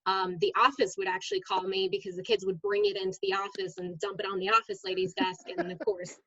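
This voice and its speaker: A woman, a middle school science teacher, chatting as a guest in an interview and telling lively stories with frequent "um"s. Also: medium pitch, fast, breathy edge, no echo, dull audio. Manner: lively storyteller, many "um"s. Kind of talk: casual interview storytelling.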